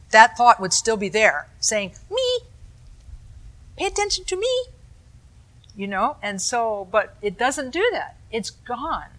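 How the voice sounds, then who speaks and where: A woman teaching meditation in a calm dharma talk, her voice bright and clear. She explains patiently and turns to her listeners with easy asides. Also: medium pitch.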